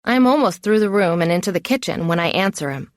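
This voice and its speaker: A woman narrating a first-person novel with a wry, self-mocking inner voice. Her voice sits on the lower side and the recording is close and dry. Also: animated, fast talker, no room sound. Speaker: audiobook narrator.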